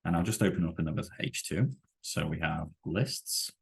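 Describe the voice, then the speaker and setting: Over a screen-share, a man teaches a web development coding tutorial, explaining in halting sentences that he keeps correcting, with plenty of fillers. His voice sits low and has vocal fry.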